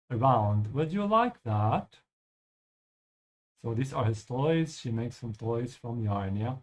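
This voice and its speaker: Professor de idiomas paciente, homem. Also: male voice, mid-range voice. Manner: patient, checks in with "yeah?". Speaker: language teacher. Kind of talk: explaining vocabulary over gameplay.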